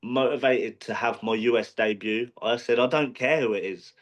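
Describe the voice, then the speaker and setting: A man in a casual interview, speaking at an ordinary mid pitch. He rambles through his story with fillers and restarts. His tone is plain and conversational. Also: moderate pace. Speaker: professional boxer, interview guest.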